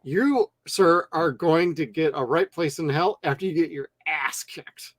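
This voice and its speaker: A man co-hosting a movie review show, talking casually and bluntly with lots of swearing and animated retellings. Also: on the high side, unhurried, dry recording, studio quality. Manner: blunt, profane, animated storytelling. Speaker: movie review podcast co-host.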